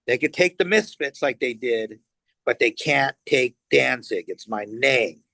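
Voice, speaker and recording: A man's voice: mid-range voice, measured pace, gravelly, no echo. A middle-aged man from Los Angeles, a guest musician telling stories in a casual interview, acting out quotes and swearing freely. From Los Angeles, USA. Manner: animated storyteller, acts out quotes, swears freely.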